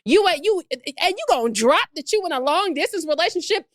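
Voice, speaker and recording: A woman's voice: very high voice, animated, a little fast, no room sound, studio quality. A young woman from the United States co-hosting a podcast, giving blunt, emphatic relationship advice and swearing freely. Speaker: podcast co-host. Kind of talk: casual chat.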